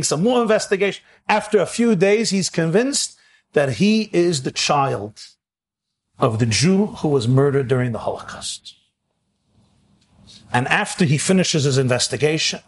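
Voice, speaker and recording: A storytelling rabbi with a fairly high-pitched voice delivers an animated sermon, rising to shouts at emotional peaks. He sprinkles in Yiddish and Hebrew phrases.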